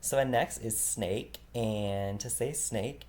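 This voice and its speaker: A man from the United States giving a relaxed, chatty vocabulary lesson, repeating each word slowly and laughing often. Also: lowish voice. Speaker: language teacher.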